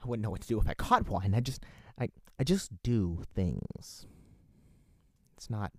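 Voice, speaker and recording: A man's voice: lowish voice, sing-song, unhurried, a bit bright, dry recording, clean studio sound, exaggerated voice. A man doing a voice impression of an unhinged, mocking male villain, drawling and dropping into whispers. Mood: menacing.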